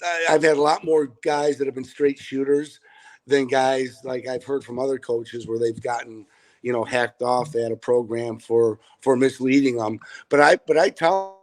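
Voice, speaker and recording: A middle-aged man, a high school football head coach, answering interview questions over a video call in an earnest, rambling way with many restarts. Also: steady tone, moderate pace, rough recording.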